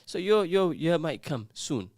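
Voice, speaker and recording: A man's voice: on the high side, sing-song, measured pace, a little mellow, no echo, studio quality. A man presenting a casual radio show, chatting, teasing his co-host and reading out listener messages. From England. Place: radio studio. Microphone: studio microphone.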